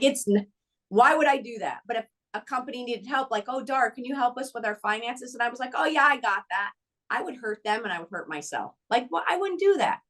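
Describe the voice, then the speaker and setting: Woman, mental skills coach, animated interview guest who acts out dialogue. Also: a little high. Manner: emphatic and coaching. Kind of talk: podcast interview.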